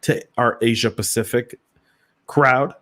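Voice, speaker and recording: A man's voice: medium pitch, steady tone, slow, pushed and bright. Man, Southern US accent, podcast co-host, casual live chat, stammered restarts.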